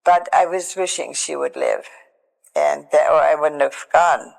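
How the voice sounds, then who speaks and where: An older woman tells her personal testimony in a halting, emotional way, often breaking off and restarting her sentences. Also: deep voice, huge pitch swings, creaky, in a large hall, low-quality recording. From Germany. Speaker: Holocaust survivor giving testimony.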